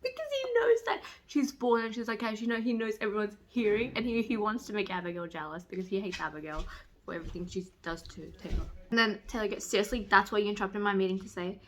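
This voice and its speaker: A young woman chatting casually in a reading vlog, gushing and excitable, breaking into squeals as she retells a romance novel. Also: medium pitch, fast talker, slight background noise. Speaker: book vlogger. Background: construction voices.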